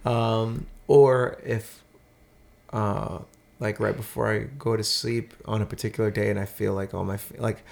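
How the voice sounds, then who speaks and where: Very deep, gravelly-voiced woman joking around. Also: steady tone, unhurried, darkish tone. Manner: joking, playful, laid-back. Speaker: podcast co-host. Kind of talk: casual chat.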